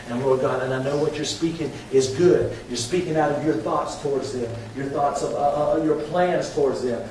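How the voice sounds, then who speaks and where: Pastor, fervent preaching that drops to quiet prayer, big reverberant church, faint hum behind. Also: male voice, on the high side. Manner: impassioned preaching, swinging from loud to hushed. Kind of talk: sermon with altar call and prayer. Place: large church sanctuary. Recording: very echoey hall, mic distant.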